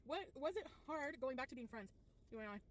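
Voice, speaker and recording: A woman's voice: high voice, animated, a little fast, a little hiss or hum. A woman asking questions in a casual chat, in a playful, teasing way. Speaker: interviewer in a clip.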